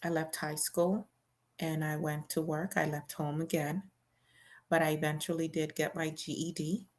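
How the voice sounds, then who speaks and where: A woman's voice: low voice, little pitch movement, normal speed. A woman hosting a show, reading a memoir aloud in the first person in a plain, conversational storytelling way with casual fillers.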